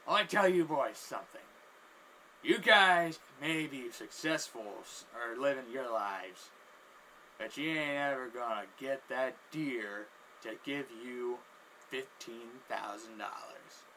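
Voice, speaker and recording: A creepy, rambling drifter, as a young storyteller puts him on, murmurs in a low, drawn-out voice that slips into breathy whispers. The tone stays bright and forceful even when he is quiet. Faint room noise sits behind him. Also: low-quality recording. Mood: boastful.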